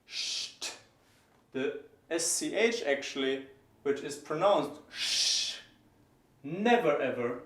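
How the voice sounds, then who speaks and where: A man teaching German pronunciation, explaining each sound and slowly repeating example words. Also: fairly high pitch, expressive, fairly bright tone, roomy sound. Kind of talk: pronunciation lesson.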